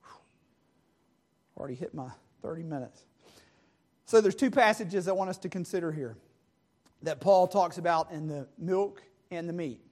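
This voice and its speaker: A man preaching a sermon, moving from calm, plain teaching into impassioned, shouted pleas. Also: fairly high pitch, moderate pace, pauses often.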